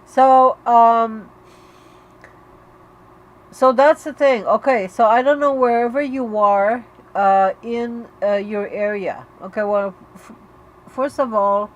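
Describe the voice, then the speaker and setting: A woman's voice: fairly high pitch, slow, low-quality recording. A woman hosting a casual livestream chat from her bed at home, talking openly and emotionally to viewers, with many fillers and restarts. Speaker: livestream host for an epilepsy community. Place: bedroom at home.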